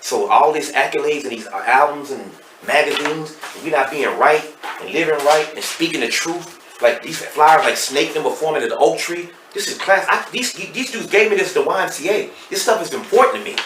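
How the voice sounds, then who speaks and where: A middle-aged man with a Texas accent, speaking as a podcast guest and telling his story candidly and emotionally, swinging between loud and hushed. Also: a little high, brisk, distant mic. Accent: Southern US, Texas. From Dallas, Texas. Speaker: podcast guest, hip hop artist. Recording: roomy echo, off-mic, faint noise.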